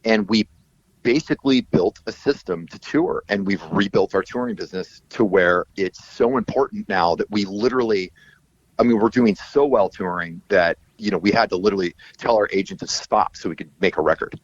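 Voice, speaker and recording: A middle-aged man, a guest musician, telling stories in a casual, animated, profane way. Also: fairly low pitch, brisk. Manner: animated, profane, acts out quoted voices. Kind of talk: casual storytelling interview. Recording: dull lo-fi audio.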